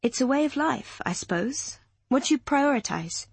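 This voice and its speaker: An earnest young woman, voiced by a female narrator, explains things gently and eagerly. Her voice has a soft husky edge. The recording is dry and close. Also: high voice, lively intonation, normal speed, no room sound, voice pushed up, heavily acted.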